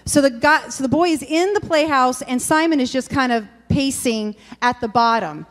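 Woman pastor, sermon storytelling, chatty and anecdotal, fairly high voice, long church reverb. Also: lively intonation, moderate pace. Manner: chatty, anecdotal, many fillers and restarts. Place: church sanctuary.

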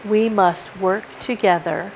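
Woman preaching, slow deliberate delivery, emphatic and repetitive, faint background ambience. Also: mid-range voice, gravelly, a little hiss or hum, poor audio. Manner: emphatic, repeats key points, numbered list. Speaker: preacher at a church service. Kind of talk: sermon. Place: church sanctuary.

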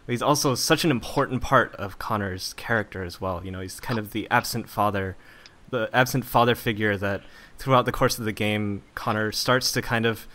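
A man's voice: fairly low pitch, moderate pace, sharp tone. A man hosting a podcast interview, asking long, hedging questions full of "kind of.". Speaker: podcast host.

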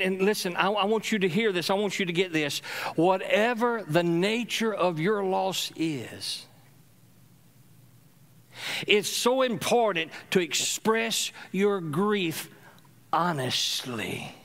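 A middle-aged pastor from Louisiana, USA, preaches a sermon in a church sanctuary, taking it slowly. He calls on the congregation to respond, swinging between loud exhortation and soft, low murmurs.

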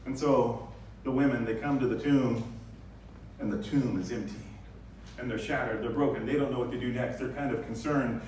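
A male pastor giving a lively sermon, acting out the scenes with sudden high bursts. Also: moderate pace, slight background noise. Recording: very echoey church hall, distant mic.

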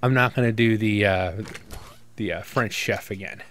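A man's voice: on the low side, normal speed, a bit bright, a little hiss or hum. Rambling man narrating his gameplay. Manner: rambling, self-mocking, thinks aloud. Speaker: gaming YouTuber. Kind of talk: casual let's-play commentary.

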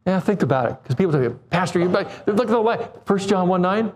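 A man in his seventies preaching a sermon, animated, acting out quoted voices and putting questions to the congregation. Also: high voice, brisk, slight background noise. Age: 70s.

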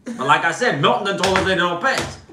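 A man, hosting a casual livestream and telling animated, slangy stories. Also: sits high, quick pace, background noise. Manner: animated, slangy storyteller, lots of "bro" and "man". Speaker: host. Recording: echoey room.

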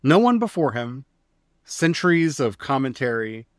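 A man's voice: medium pitch, very animated, moderate pace, dry recording, studio quality. A man co-hosting a casual discussion podcast, retelling old stories in a wry, glib, storytelling way. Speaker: podcast co-host.

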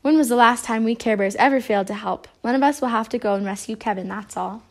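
A woman's voice: a little high, quick pace, natural voice. A grouchy male bear from a children's storybook, put on by a woman reader. He grumbles and growls his lines. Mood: grumpy.

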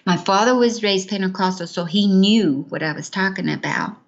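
A woman's voice: medium pitch, moderate pace, highs cut off. A woman giving an earnest personal testimony in an interview, acting out the words of others as she tells it. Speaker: interview guest.

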